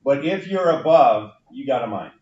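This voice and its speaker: A man's voice: mid-range voice, lively intonation, moderate pace, darkish tone. A man teaching a university class, explaining ideas step by step and often checking in with "right?". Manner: explanatory, frequent "right?" tag questions. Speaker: university instructor. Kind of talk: classroom lecture. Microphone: room recording from a distance. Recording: echoey classroom from far off, dull.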